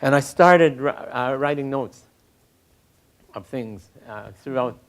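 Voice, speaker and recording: Older man, halting reflective talk. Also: mid-range voice. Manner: halting, many restarts, soft laughs. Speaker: poet and critic interviewee.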